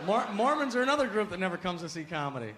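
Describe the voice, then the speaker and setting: A man from the United States performing a stand-up comedy set, with punchy delivery that climbs to shouts on punchlines, recorded live on a handheld mic. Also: sits high, very animated, quick pace, very noisy. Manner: punchy, acts out voices and rises to shouting on punchlines. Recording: live club, loud crowd and laughter.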